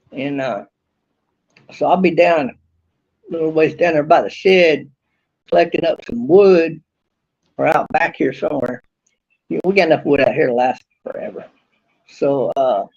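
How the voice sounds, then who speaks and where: A man casually vlogging outdoors behind his house, rambling in a folksy way with drawn-out fillers. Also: on the high side, gravelly, a little mellow, breathy edge, highs cut off.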